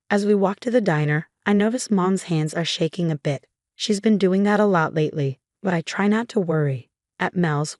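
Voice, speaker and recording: A woman narrates a first-person story in a steady, even read. Her voice sits a little low. The sound is close and completely dry. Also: dry recording. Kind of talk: scripted narration.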